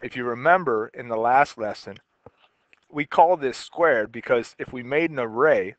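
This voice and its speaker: A man's voice: mid-range voice, moderate pace, no room sound. Man teaching math, muffled dry sound. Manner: casual, talks while writing, repeats and restarts. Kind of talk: recorded math lesson.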